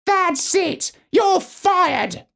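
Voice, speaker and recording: Shrill squawky parrot, outraged, storybook voice, way up high. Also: male voice, lively intonation, very slow, gravelly, bright, forceful tone, heavily acted. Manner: shrill, screeching outbursts. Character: indignant squawking male parrot officer.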